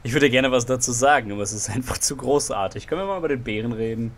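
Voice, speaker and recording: A man's voice: mid-range voice, racing. A man with a German accent giving casual let's play commentary, thinking aloud. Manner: chatty, reads out options, thinks aloud.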